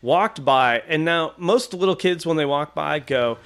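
A man, an artist, recounting a convention story in casual podcast chat. He is animated, acts out other people's voices and laughs often. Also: fairly high pitch, a little slow, clear, resonant tone.

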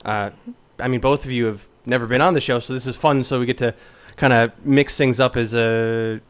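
A man's voice: mid-range voice, steady tone, normal speed, clean tone. A man hosting a podcast, asking his guests loose, rambling questions in casual chat. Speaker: podcast host.

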